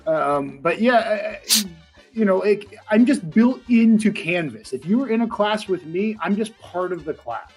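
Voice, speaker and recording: A man on a casual library livestream, easygoing and self-deprecating, halting as he explains his role. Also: sits high, animated, darkish tone, soft background music. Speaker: embedded class librarian.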